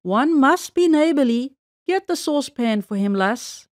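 A stingy, bargain-hunting housewife, voiced by a woman reading a storybook, who sounds fussy and scolding. Her voice sits higher than the reader's plain telling and is recorded dry, with no room sound. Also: expressive, a little slow, a little mellow, dry recording. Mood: agreeable. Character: stingy, bargain-loving old-fashioned housewife.

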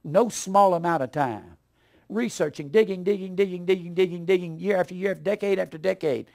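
Gravelly older man preaching fiery scorn. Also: high voice, a little fast. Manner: scornful, ranting, swings from mutters to shouts. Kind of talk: fiery sermon.

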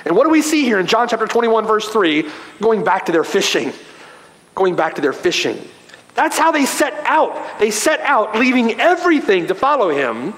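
Expressive male preacher in a reverberant hall. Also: sits high. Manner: emphatic, dramatic swings from loud to hushed, slow stressed repetition. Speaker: pastor. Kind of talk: expository sermon. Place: church sanctuary.

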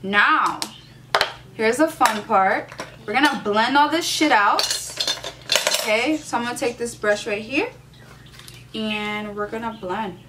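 A woman's voice: fairly high pitch, slow pace, pauses often, heavy background noise. A young woman doing a casual makeup tutorial, sassy and playfully profane, hyping herself up as she works. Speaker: beauty vlogger.

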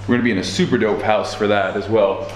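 A man's voice: fairly low pitch, steady tone, fast talker. A man giving a casual, rambling vlog tour of a house, talking into a handheld camera in a slangy, laid-back way. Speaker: fitness vlogger. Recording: echoey room, faint background noise.

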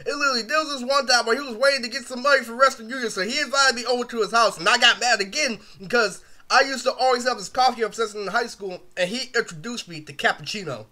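A man's voice: very high-pitched, fast talker, few pauses, pushed and bright. A young man telling a rambling, profane story in a casual vlog, full of fillers. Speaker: vlogger.

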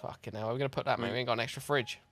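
A man's voice: mid-range voice, steady tone, racing, a bit bright, soft background music. A man, bantering bluntly and swearing during a co-op game. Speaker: gamer. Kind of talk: casual gaming banter.

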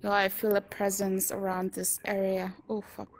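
A woman playing a game and giving casual commentary, swearing and reacting out loud as she goes. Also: mid-range voice, completely flat delivery, moderate pace, a loud crowd. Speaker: gamer.

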